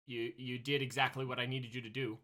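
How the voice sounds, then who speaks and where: A man voicing a calm, aloof female angel who speaks quietly and dryly in a tabletop game. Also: mid-range voice, fairly quick, natural voice. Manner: quiet, dry and understated.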